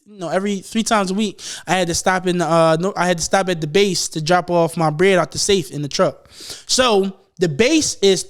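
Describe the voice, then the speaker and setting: A young podcast host from Philadelphia tells a long, profane story full of laughter on a casual show. His voice sits high and moves at a moderate pace.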